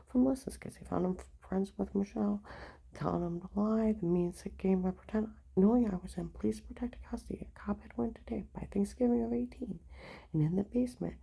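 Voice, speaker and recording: Woman vlogger, dark husky whisper, rambling to camera. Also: mid-range voice, rough recording. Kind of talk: rambling monologue.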